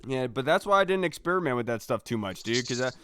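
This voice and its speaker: A man's voice: mid-range voice, animated, fast, pushed and bright, clean tone, no echo. A young man co-hosting a sports podcast, talking in a laid-back way and saying "dude" often. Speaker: podcast co-host. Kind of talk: casual sports chat.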